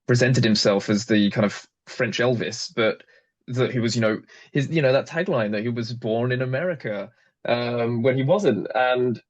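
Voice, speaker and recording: Brief: young English-accented man, chatty guest, lots of ums, slightly muffled recording. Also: medium pitch. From England. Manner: chatty, hesitant, many fillers and restarts. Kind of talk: casual interview conversation.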